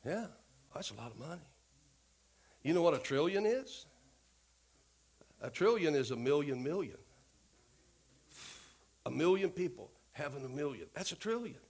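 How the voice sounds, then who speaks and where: A man's voice: on the high side, lively intonation, moderate pace, long pauses, darkish tone, slightly rough. A male pastor preaching a sermon, emphatic and punchy, often turning to the congregation with asides and questions.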